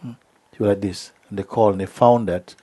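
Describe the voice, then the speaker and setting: A man giving a spiritual talk, telling a story in an unhurried way with many hesitations. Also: lowish voice, steady tone, warm tone. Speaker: spiritual teacher.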